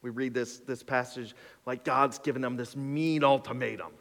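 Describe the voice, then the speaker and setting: Bright-voiced male pastor in a reverberant hall. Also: medium pitch, fairly even intonation, moderate pace, creaky. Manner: conversational, emphatic, lists numbered points. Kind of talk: sermon.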